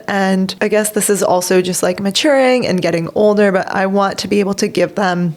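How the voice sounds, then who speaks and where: Speaking at a normal speed in a steady, medium-pitched voice, a young female podcast host talks earnestly and openly about her personal growth. She laughs a lot and grows tearful at times in this reflective monologue.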